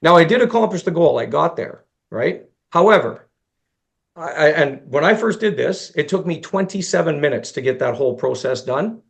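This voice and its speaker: A man's voice: a little high, expressive, moderate pace, gravelly. A man giving a conversational presentation to fellow golf instructors. He tells a long self-deprecating story, acts out both sides of the dialogue, and often restarts his sentences.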